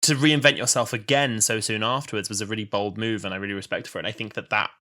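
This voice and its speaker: A man in his twenties co-hosting a podcast, chatting casually and retelling scenes in an animated way. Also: fairly low pitch, quick pace. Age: 20s. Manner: animated storyteller acting out quoted lines with laughter. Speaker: podcast co-host. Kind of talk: casual chat.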